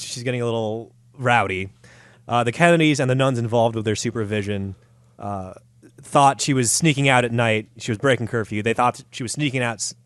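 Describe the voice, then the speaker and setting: A man's voice: mid-range voice, dry recording. Man, comedy podcast host, profane and joking, dry close mic. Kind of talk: casual comedic podcast chat.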